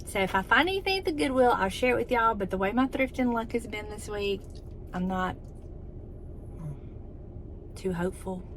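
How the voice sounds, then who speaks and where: A middle-aged woman with a Southern American accent, chatting casually to camera in an excitable, drawn-out way. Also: medium pitch, a little hiss or hum. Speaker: lifestyle vlogger.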